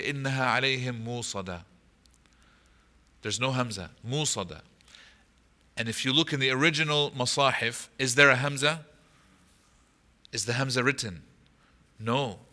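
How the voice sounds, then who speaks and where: Bright-voiced man teaching Quran commentary. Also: mid-range voice. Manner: explanatory, asks the audience rhetorical questions; switches into Arabic recitation. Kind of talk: lecture to an audience. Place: mosque class.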